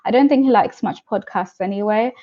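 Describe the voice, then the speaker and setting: A woman's voice: mid-range voice, a little fast, lo-fi sound. A woman guest in a casual interview, chatty, laughing often and acting out what people said. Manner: chatty, laughs often, acts out quoted voices.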